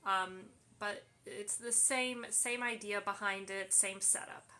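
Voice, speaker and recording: A woman's voice: medium pitch, fairly even intonation, slow, sharp tone. A woman hosting a casual live Q&A, reading viewer questions aloud and answering them with plenty of fillers. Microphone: phone livestream.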